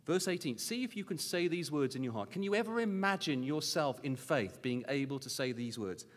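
A man delivers a sermon at a Bible school in a high, lively voice that leaps between registers. He presses his listeners with repeated questions, dropping to hushed, low scripture reading before rising to emphatic urging. His words ring with a long reverb through a large lecture hall. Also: fairly quick.

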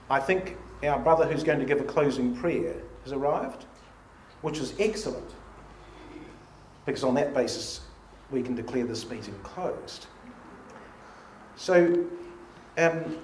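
A man's voice: mid-range voice, darkish tone. A man leading a church study meeting, reading hymn and psalm lines aloud with emphasis. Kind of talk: informal Bible study talk. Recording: echoey room with faint hiss.

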